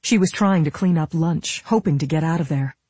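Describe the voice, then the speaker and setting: A narrator reading an audiobook in steady scripted narration. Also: mid-range voice, fairly quick, husky, no room sound. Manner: steady storytelling.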